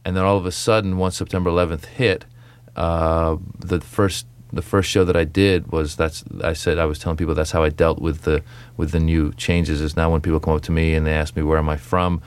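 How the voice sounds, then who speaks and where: A man's voice: extremely low pitch, fairly quick, hardly any pauses, clear, resonant tone. A young adult man, a comedian, telling stories and acting out his stand-up jokes in a radio interview. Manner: animated storytelling, acts out jokes. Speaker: comedian guest.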